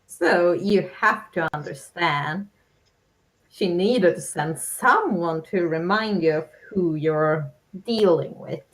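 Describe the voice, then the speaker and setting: Casting: a woman playing a slow-talking, purring enforcer, calm menace. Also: on the low side, voice pushed down, low-quality recording. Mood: menacing.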